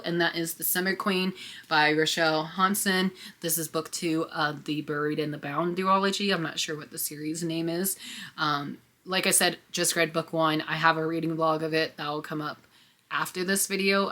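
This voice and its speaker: A young woman with a low-pitched voice chats about her new books in a casual vlog. Her tone is bright and forward, and she is plainly excited, often breaking into little laughs as she goes. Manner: bubbly and excitable, with frequent laughs. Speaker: book vlogger. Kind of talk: casual book haul vlog.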